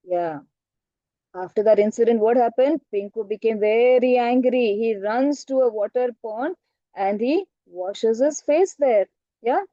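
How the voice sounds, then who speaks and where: A high-voiced woman teacher tells a children's story and keeps quizzing her listeners. Her tone is mellow, and the online call audio is dull and dry. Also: dry recording. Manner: asks the class questions, frequent "right?" and "okay".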